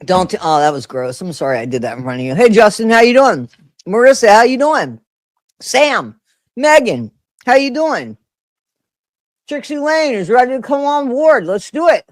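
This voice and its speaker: Brief: mid-pitched livestream host, chatty and loose, greets viewers by name, dry close-mic sound. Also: very animated, moderate pace, dry recording. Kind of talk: casual livestream chat.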